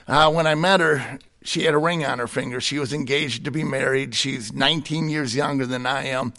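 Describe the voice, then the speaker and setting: A man's voice: mid-range voice, fairly even intonation, moderate pace, sharp tone. A middle-aged man giving a personal testimony in conversation, candid and plainspoken, with a chuckle between stories. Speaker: guest sharing his testimony.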